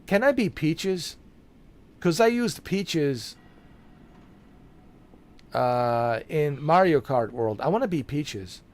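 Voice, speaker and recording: Male game streamer, casual live commentary, jokey, slow-paced, very expressive delivery. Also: a little high. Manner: joking, chatty, laughs often, talks to viewers.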